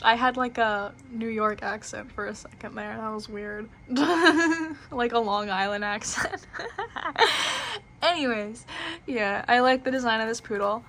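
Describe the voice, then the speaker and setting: A young woman chats her way through a tarot deck review, full of fillers and little giggles. Her voice sits a little high. A faint hiss runs underneath the recording. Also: a little slow, fairly bright tone. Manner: chatty, filler-heavy, giggly.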